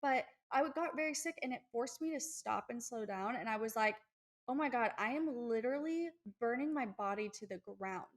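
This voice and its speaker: A young woman co-hosting a podcast, telling personal stories in a chatty, animated way. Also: a little high, brisk. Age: young adult. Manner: chatty, animated storytelling with acted-out quotes. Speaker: podcast co-host. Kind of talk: casual podcast chat.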